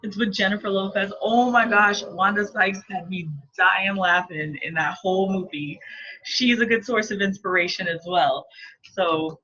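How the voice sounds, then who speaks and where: Laughing often, a thirty-something woman coaches on marketing in a casual, playful manner. Her mid-range voice moves at a moderate pace, sharp in tone with a breathy edge. The recording is lo-fi and dull.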